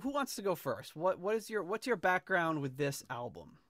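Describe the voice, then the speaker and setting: Man hosting a podcast, casual chatty delivery, slightly high voice, dry close mic. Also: moderate pace, no room sound. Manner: chatty, animated, with frequent fillers. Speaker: podcast host.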